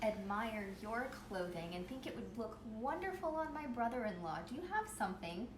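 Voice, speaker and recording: Woman, player, higher voice, lively, echoey noisy room. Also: moderate pace. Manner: playful, haggling in character. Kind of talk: casual tabletop play. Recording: echoey room with background noise.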